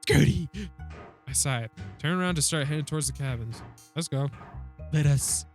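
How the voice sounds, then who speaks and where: A man's voice: fairly high pitch, normal speed, faint music behind. A man reading a story game aloud, joking and swearing between lines. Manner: jokey, swears, laughs at himself. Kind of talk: reading and reacting to a narrative game.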